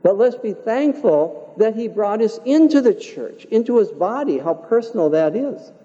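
An older man delivers a sermon in an earnest, measured, folksy way. His voice sits a little high and sounds very mellow and relaxed. The recording is dull and muffled, and his voice carries a long reverb through the church hall. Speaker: preacher. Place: church sanctuary.

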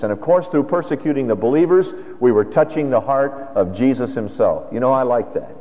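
A man's voice: medium pitch, animated, fairly quick, hardly any pauses. A man preaching a sermon as pastor, in a conversational style with rhetorical questions. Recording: dull lo-fi sound with long hall reverb.

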